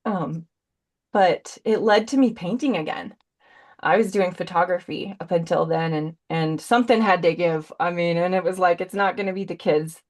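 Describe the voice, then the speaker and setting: With a lowish, darkish voice at normal speed, this woman in her forties runs a live paint demonstration on a video call as a brand ambassador. She talks chattily, wandering off on tangents and slipping in punny remarks.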